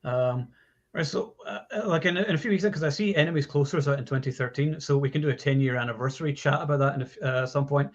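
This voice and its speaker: A man's voice: medium pitch, fast, dull audio. A man hosting a casual movie chat, talking in long runs with many fillers and restarts. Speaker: podcast host.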